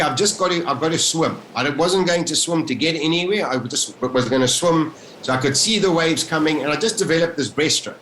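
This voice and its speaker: Man from south africa, animated storytelling, slightly high voice, roomy echoey sound. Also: a little hiss or hum. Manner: animated, vivid retelling with acted-out inner thoughts. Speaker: interview guest. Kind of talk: emotional first-person storytelling.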